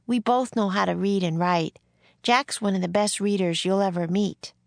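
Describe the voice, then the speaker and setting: A woman reading aloud lifts her voice to play a bright, eager young girl in a storybook. The girl is quick to answer and chatty, and her lines sit high and lively. The sound is dry and close. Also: vocal fry, dry recording, close to an everyday voice.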